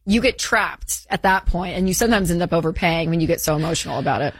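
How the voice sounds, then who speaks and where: A woman's voice: fairly low pitch, fast talker, no room sound. A woman co-hosting a call-in advice show, talking in a chatty way and repeating her points for emphasis. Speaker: co-host of a call-in money show. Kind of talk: casual radio advice chat.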